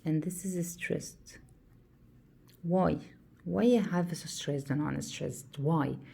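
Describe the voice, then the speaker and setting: In a classroom, an Egyptian woman lectures on poetry in a slow, mellow, low voice with vocal fry and an Egyptian Arabic accent. Her style is repetitive: she asks her own questions, answers them, and counts the stresses aloud.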